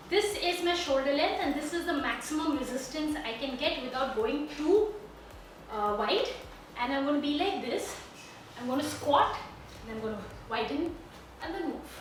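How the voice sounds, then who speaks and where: Her voice sits high with lively intonation at a moderate pace as she leads a home workout, breathless while demonstrating every move in her Indian English accent. She's captured from afar in a very reverberant home room, with slight background noise.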